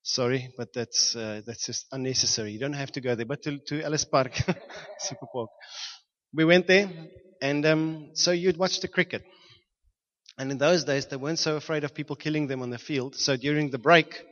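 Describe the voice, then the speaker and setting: A man from Johannesburg, preaching a storytelling sermon and acting out shouts and sound effects with frequent laughter. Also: medium pitch, normal speed, lo-fi sound. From South Africa, Johannesburg.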